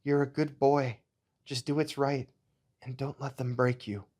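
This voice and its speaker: A man voicing a caring, worried mother who speaks gently to a child and stands up to a villain. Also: medium pitch, little pitch movement, unhurried, lightly acted. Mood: tender.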